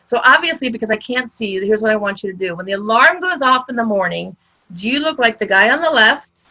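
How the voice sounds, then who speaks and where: A woman's voice: fairly high pitch, expressive, fairly quick, sharp tone, poor audio. A woman giving a conversational motivational talk, speaking directly to her audience in an upbeat way. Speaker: summit speaker.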